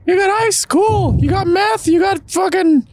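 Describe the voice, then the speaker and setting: Improv: a man as a strung-out cartoon mouse, high, frantic, paranoid. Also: unhurried, gravelly, no echo, studio quality, full character voice. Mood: jittery. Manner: panicky yelling, paranoid. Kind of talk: improvised comedy bit.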